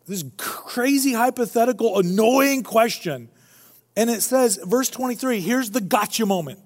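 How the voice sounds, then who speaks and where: A male pastor delivers a lively sermon, cracking jokes as he retells the scene. His voice sits high for a man. It echoes with the long reverb of a large church hall. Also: normal speed. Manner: animated, joking storyteller.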